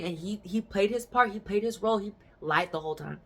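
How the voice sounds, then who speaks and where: A woman's voice: mid-range voice, fairly quick, hardly any pauses, fairly bright tone, slight background noise. A young adult woman hosting a podcast, chatting casually and telling stories frankly with bursts of laughter. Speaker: podcast host.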